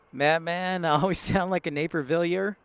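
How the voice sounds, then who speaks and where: A man's voice: a little high, fairly bright tone, clean tone, no echo. A man hosting a casual live stream from outdoors at a large airport, chatting with viewers, greeting them by name and laughing often. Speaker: live-stream host, plane spotter.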